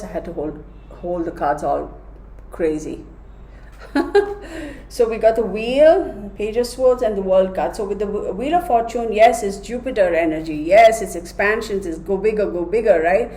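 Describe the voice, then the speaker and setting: A woman's voice: medium pitch, dark tone, echoey room, slight background noise. A woman giving a casual, chatty tarot reading, talking straight to her viewers with affection. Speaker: tarot reader.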